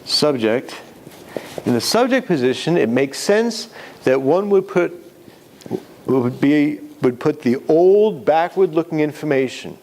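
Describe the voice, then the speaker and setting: A man's voice: fairly high pitch, a little mellow. A man giving a live classroom lecture on writing, explaining step by step with examples.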